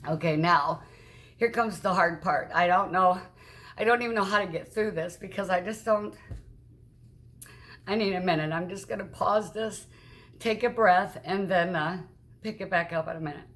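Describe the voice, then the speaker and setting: A woman's voice: on the low side, fairly bright tone. Shaken woman vlogger retelling an ordeal. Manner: shaken, halting, with many restarts; acts out quoted dialogue with raised voice. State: upset. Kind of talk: emotional personal storytelling.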